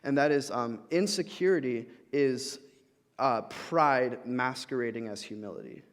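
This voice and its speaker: A young adult man delivers a sermon in an easygoing, chatty manner, with many "likes" and restarts. His voice sits at an ordinary middle pitch for a man. It carries a long, trailing reverb from the church hall around him. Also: a little slow. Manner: conversational, many fillers and restarts. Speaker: guest speaker.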